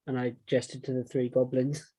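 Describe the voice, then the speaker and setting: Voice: mid-range voice, level tone, moderate pace, warm tone, husky, poor audio. A player in a tabletop game, chatting and teasing the others. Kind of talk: casual tabletop game chat.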